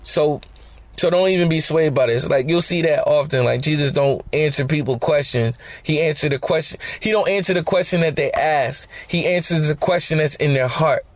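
Male podcast host, casual scripture teacher with a joking edge, slightly high voice, close and dry. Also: normal speed, dry recording. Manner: conversational, slangy, joking asides.

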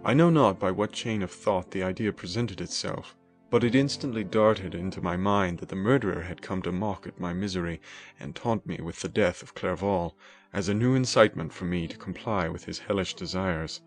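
A man's voice: low-pitched, moderate pace, faint music behind. A man narrating a classic novel as an audiobook in a dramatic, emotive first-person reading.

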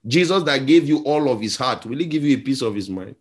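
Man, Nigerian accent, pastor, preaching, storytelling, switches between quiet and loud, middle pitch. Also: animated, fast talker. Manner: storytelling, acts out voices in a story, shifts between soft and loud. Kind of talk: sermon.

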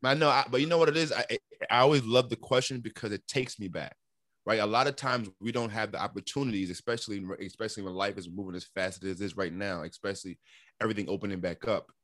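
A middle-aged man from New York telling his story in a casual interview, animated and repeating words as he acts out what others said. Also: lowish voice, fast, dry recording, studio quality. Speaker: interview guest.

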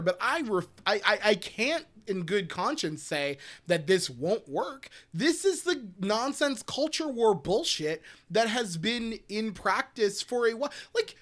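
A man co-hosting a casual political chat, animated and ranting, swearing often. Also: high voice, unhurried, hardly any pauses. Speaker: podcast co-host.

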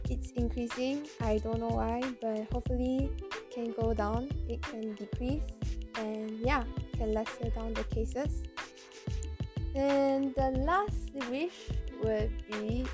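This casual solo podcast is hosted by a teen girl from Malaysia who speaks with a Malaysian Chinese accent. She hesitates as she hunts for words, laughs a lot, and her voice sits fairly high.

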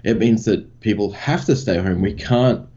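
A man's voice: lowish voice, normal speed, dark tone, lo-fi sound. An Australian man, a content creator guest, chatting casually on a podcast. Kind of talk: casual interview chat.

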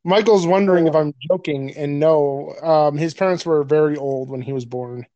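A man's voice: on the high side, moderate pace, warm tone, no echo, dull audio. Crude, joking podcast guy, dry sound. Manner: crude, joking, laughs often. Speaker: podcast co-host. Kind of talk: casual chat.

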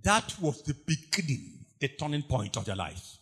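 A man, a pastor preaching an impassioned sermon, emphatic and repetitive, moving between shouts and hushed tones. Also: fairly high pitch, big pitch swings, normal speed, husky.

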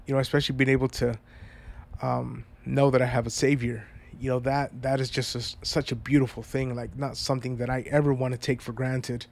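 A man with a stuffed-up, congested voice speaks to his viewers in a personal vlog. He talks at a middling pitch in an earnest, heartfelt way, rambling as he reflects. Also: gravelly. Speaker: vlogger.

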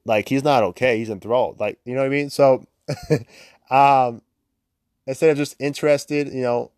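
Heard in a clean, dry studio recording, a young man hosts a podcast with a medium, slightly dark voice, fairly even intonation and normal pace. His casual motivational talk is upbeat and chatty, full of laughter and the filler "like."

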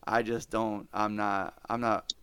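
A man, telling family stories on his podcast in a casual, animated way, swearing and laughing often. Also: lowish voice, unhurried, clean tone, no echo. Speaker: podcast host. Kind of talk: casual storytelling chat.

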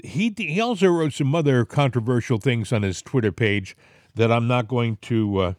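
A man's voice: mid-range voice, lively intonation, moderate pace, no room sound, clean studio sound. A man with a Boston accent hosting a political talk show, rambling and indignant with plenty of filler words. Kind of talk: casual political chat.

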